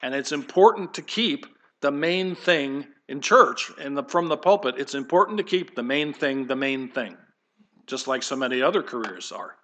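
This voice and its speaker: A man's voice: mid-range voice, normal speed, bright, forceful tone. A man preaching a sermon in church, talking in a conversational, digressive way and speaking straight to the congregation and the kids. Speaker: pastor.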